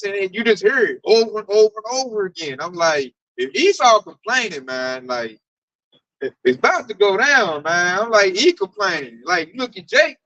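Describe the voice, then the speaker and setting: A man tells animated stories in a casual group chat, slipping into his coworkers' voices as he goes. His tone is bright and forward. The sound is close and dry, with no room around it. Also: high-pitched, moderate pace, no room sound, low-quality recording. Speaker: speaker at a group discussion.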